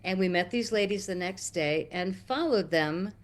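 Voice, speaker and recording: A middle-aged American woman telling a long story in an interview, animated and acting out quotes with big jumps in pitch. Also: moderate pace. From United States. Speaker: interview guest.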